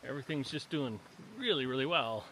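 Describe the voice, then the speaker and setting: A man hiking outdoors on a forest trail, chatting casually to the camera as he walks, pausing often. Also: mid-range voice, pushed and bright, slight background noise. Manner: chatty, unhurried, pauses often. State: panting on uphill. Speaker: hiker vlogger.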